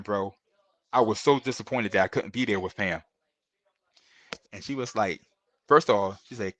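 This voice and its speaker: A man's voice: fairly low pitch, expressive, moderate pace, fairly bright tone. A middle-aged man, a podcast guest, telling earnest and emotional stories in a casual interview, often repeating himself and calling the host bro.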